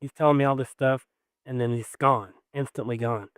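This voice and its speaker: A man's voice: medium pitch, fairly even intonation, normal speed, clear, resonant tone, no room sound, studio quality. Man on a call-in show, rambling storyteller. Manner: rambling, full of "like" and "you know". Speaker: caller.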